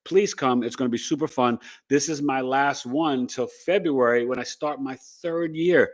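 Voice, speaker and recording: A man's voice: medium pitch, normal speed. Chatty rambling male podcast host. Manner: rambling, upbeat, chatty with asides to viewers. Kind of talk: casual livestream chat.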